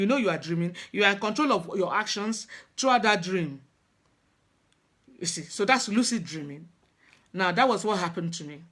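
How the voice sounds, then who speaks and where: A middle-aged spiritual practitioner, originally a Yoruba speaker, tells a story from her own life. The mid-range voice has a fairly bright tone, and she comes across as earnest yet halting, with frequent restarts.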